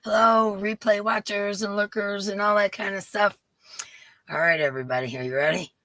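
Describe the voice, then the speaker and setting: A woman hosting a casual crochet livestream, greeting viewers by name and chatting with frequent laughs, her voice rough today. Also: medium pitch, steady tone, normal speed, pushed and bright, no echo. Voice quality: gravelly. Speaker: livestream host. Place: home craft room.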